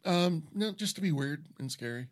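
A man's voice: on the high side, expressive, moderate pace. A man co-hosting a casual podcast chat, talking loosely with lots of filler words and frequent laughter. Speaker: podcast co-host. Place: recording studio.

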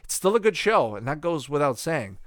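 Swearing, animated man reviewing cartoons. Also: on the high side, a little fast, dry recording, studio quality. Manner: profane and offhand, mocking asides. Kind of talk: casual rambling watch-along commentary.

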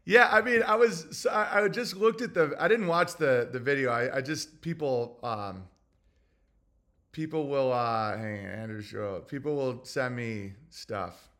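A man's voice: mid-range voice, unhurried, fairly bright tone. A man hosting a podcast, delivering a rambling, profane, agitated commentary monologue full of restarts. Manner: profane, agitated ranting with restarts and mock voices. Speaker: podcast host.

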